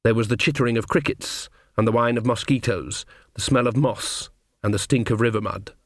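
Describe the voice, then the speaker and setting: A man narrating an audiobook in a measured, wry storytelling manner, recorded close to the mic. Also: mid-range voice, dry recording.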